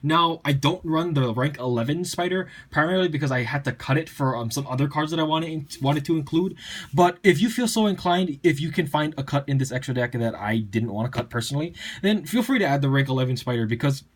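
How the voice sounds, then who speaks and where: A young man casually walking through his card game deck list, chatty and full of fillers and quick asides. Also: on the high side, expressive. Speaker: deck profile presenter.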